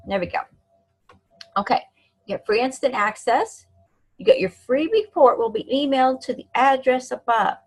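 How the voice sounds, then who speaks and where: A woman giving a screen-share software tutorial in a chatty, encouraging way, talking to herself as she clicks. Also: high voice, lively intonation, normal speed, long pauses, poor audio. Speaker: online marketing instructor.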